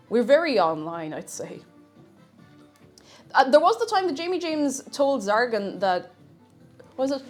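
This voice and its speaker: A woman with an Irish accent chatting casually on a live stream while cooking, reading chat aloud and laughing often. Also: medium pitch. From Ireland.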